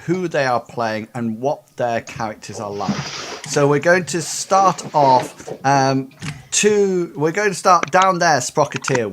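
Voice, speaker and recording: A man's voice: a little high, a bit bright, slight background noise. Chatty man running a tabletop game. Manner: chatty, hesitant with fillers and restarts. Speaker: game master. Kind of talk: hosting a tabletop game over video call. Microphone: video call.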